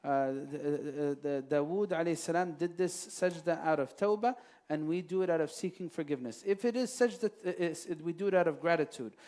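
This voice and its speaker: A man with a rather high voice answers questions from a mosque audience. He explains step by step, with many fillers and short quotes recited in Arabic. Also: fairly quick, few pauses, darkish tone. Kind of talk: religious Q&A talk. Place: mosque hall.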